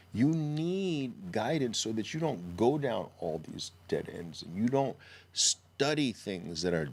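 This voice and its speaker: A middle-aged man giving an emphatic sales pitch for trading education, full of mocking rhetorical questions. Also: fairly bright tone. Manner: mocking rhetorical questions, mimics naive traders.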